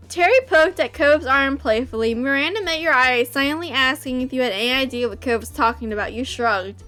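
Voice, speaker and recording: A woman reading a visual novel aloud and reacting, excitable and gushing, often shrieking with delight. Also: high-pitched, fairly quick, hardly any pauses, faint music behind.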